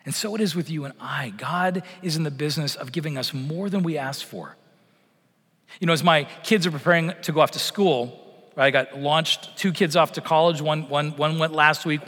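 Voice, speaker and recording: A middle-aged man preaching a sermon, swelling loud on promises and sinking to a near-whisper at the ends of phrases. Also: fairly high pitch. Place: church sanctuary. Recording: long church reverb.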